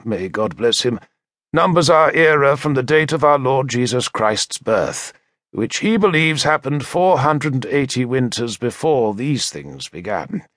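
A man narrating an audiobook in the first person, with measured, expressive storytelling into a close studio mic. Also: medium pitch, dry recording.

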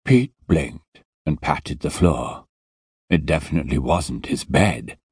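A man narrating an audiobook close to the mic, slow and deliberate, with a very low, husky voice. His delivery is lively, and the recording is dry with no room sound. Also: dry recording. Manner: unhurried, expressive storytelling. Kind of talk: scripted narration.

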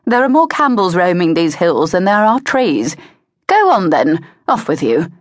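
A woman narrator voicing a stern older Englishwoman with a crisp English accent and curt manner. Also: on the low side, very animated, unhurried, no room sound, studio quality. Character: stern older Englishwoman guarding her cottage.

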